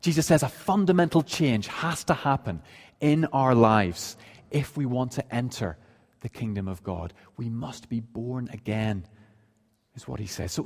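A male pastor preaches in an earnest, explanatory way, often posing rhetorical questions. His voice sits at an ordinary middle pitch. A long reverb from the church sanctuary trails behind his words. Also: husky. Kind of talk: sermon. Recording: long reverb of a large hall.

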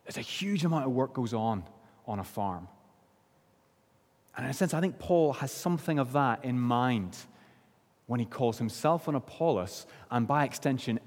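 A man from Northern Ireland preaching a sermon, earnest, slowing and dropping low on key phrases. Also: lively intonation, darkish tone. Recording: long hall reverb.

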